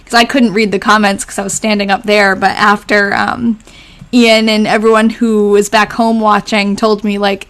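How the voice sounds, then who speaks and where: A woman's voice: mid-range voice, flat delivery, moderate pace, fairly bright tone. A young woman hosting a casual live stream, chatting with viewers, answering their comments and laughing often. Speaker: live stream host reading old diaries.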